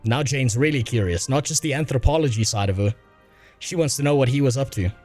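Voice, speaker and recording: A man's voice: medium pitch, a little fast, a little mellow, soft background music. A man doing crude, joking casual gameplay commentary as a streamer.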